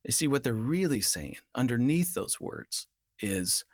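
A man's voice: medium pitch, big pitch swings, a little slow, no echo, clean studio sound. A man talking as a family counselor on a radio show, earnest and explaining, now and then acting out what a child might say. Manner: earnest, acts out children's voices in quotes. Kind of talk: radio talk show conversation.

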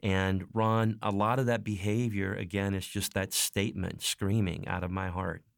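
A man's voice: sits low, flat delivery, moderate pace, gravelly, dry recording, clean studio sound. A man co-hosting a radio talk show, reflective, taking up the child's point of view. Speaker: co-host.

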